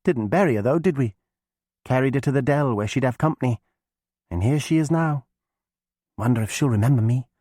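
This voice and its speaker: Brief: male reader playing a quick-witted young girl in a storybook, pitched up high, loud, persuasive and folksy. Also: lively intonation, no room sound, clean studio sound, lightly acted. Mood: reassuring. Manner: eager, persuasive, folksy rustic talk. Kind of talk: audiobook character voice.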